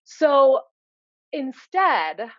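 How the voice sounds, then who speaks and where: A woman's voice: high-pitched, very animated, extremely slow, a bit bright, dry recording, muffled recording. A woman coach giving an informal lecture, earnest and explanatory, often filling with "you know". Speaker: leadership coach.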